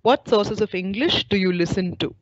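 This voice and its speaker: A woman teacher trainer giving an online webinar lecture, explaining clearly and putting questions to her audience over a video call. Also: mid-range voice, normal speed. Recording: dull lo-fi online call audio.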